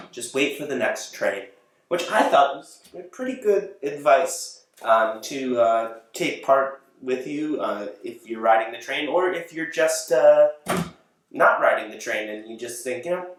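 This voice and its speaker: A man delivers a loose late-show-style monologue from his apartment, rambling and catching himself mid-sentence with little chuckles. His voice sits at an ordinary middle pitch. The recording rings with heavy room echo, and the mic sits well away from him. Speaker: host of a home talk show. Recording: very echoey room, mic far off.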